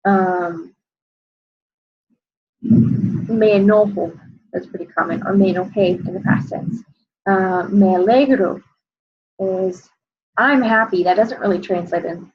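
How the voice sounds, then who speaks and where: A young adult woman, a Spanish teacher, walking students through an exam review and filling pauses with frequent "um"s. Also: fairly low pitch, breathy edge, dull audio. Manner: explanatory, many "um" fillers.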